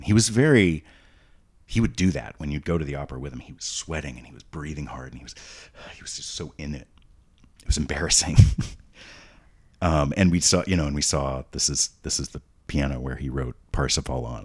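A man's voice: extremely low pitch, darkish tone, slightly rough. A man speaking as a podcast guest, telling casual stories with rambling asides and frequent restarts. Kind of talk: casual storytelling.

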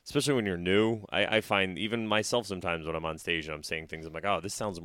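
A man who does stand-up, chiming in with quick laughing remarks on a podcast. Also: low voice, fairly bright tone, smooth, dry recording, studio quality. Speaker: stand-up comedian. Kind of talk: casual comedy banter.

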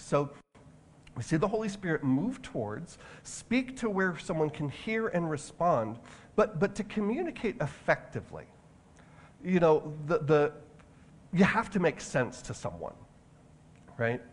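A man preaching a sermon in a conversational way, with frequent restarts and asides. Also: high voice. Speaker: pastor.

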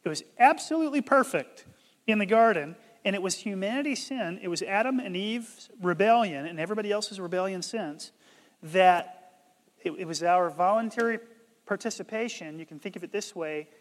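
A man preaching a sermon as pastor, emphatic and surging loud on key words, often stumbling and restarting his words. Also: high-pitched, normal speed, long reverb tail.

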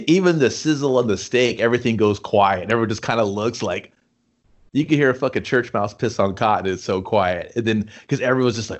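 A man's voice: fairly low pitch, a little fast. A man co-hosting a casual chat about a movie, swearing a lot and acting out lines from scenes. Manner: profane, animated, acts out movie lines. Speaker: podcast co-host.

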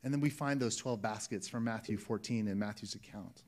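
A man's voice: lowish voice, a little fast. A man preaching a sermon as a pastor, earnest and emphatic, often restarting his phrases.

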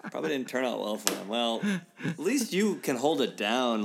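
A man's voice: mid-range voice, sing-song, normal speed, vocal fry, noisy background. A man co-hosting a casual podcast chat, rambling with lots of filler and dry jokes. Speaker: podcast co-host.

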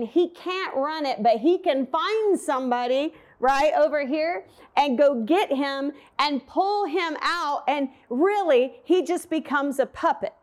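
A woman teaching a Bible lesson in a casual, animated, conversational way with playful asides. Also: high-pitched.

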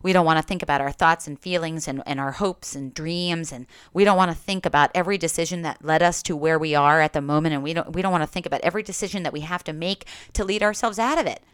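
Low-voiced woman telling a candid story. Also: fast talker, hardly any pauses, clear, resonant tone, dry recording, clean studio sound. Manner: candid, swears casually, frequent "like" and restarts. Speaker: podcast host. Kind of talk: confessional personal storytelling.

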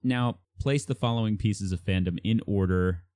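Very deep-voiced male podcast host. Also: moderate pace, mellow, dry recording. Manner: hesitant, many uhs, reads out quiz items. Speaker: podcast co-host running a quiz. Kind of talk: casual chat.

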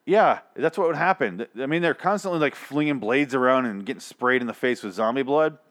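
A man's voice: medium pitch, fairly quick, a bit bright. A man giving a casual, ranting recap of a television episode, sarcastic and full of swearing and fillers. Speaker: show recap commentator. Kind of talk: casual profane recap monologue.

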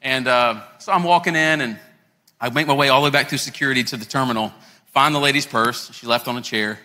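Speaking a little fast in a sharp, medium-pitched voice, a thirtysomething pastor delivers his sermon as a conversational story aimed straight at the congregation. A long reverb fills the church sanctuary, with music faintly underneath.

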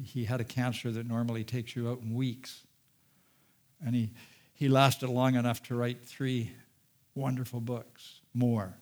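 A man preaching a sermon, reading scripture aloud and commenting, with emphatic peaks and quiet, soft-spoken asides. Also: mid-range voice. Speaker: pastor.

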